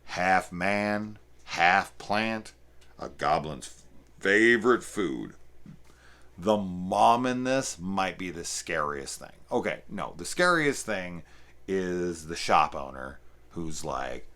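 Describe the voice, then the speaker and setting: A deep, low-pitched man talks through a movie review off the cuff. He rambles, swears freely and gets fired up when he recommends films. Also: lively intonation, takes it slowly, pushed and bright. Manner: profane, rambling, enthusiastic. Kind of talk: casual unscripted review talk.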